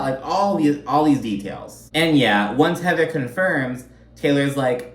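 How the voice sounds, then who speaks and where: A man's voice: fairly high pitch, lively intonation, unhurried, echoey room, distant mic. Sassy, profane man recapping reality TV. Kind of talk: casual recap commentary.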